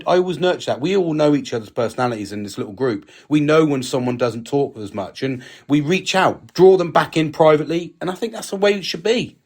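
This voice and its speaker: A man's voice: fairly high pitch, a little mellow. A British man co-hosting a casual podcast chat, frank and sweary, talking with emphasis. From United Kingdom. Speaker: podcast co-host.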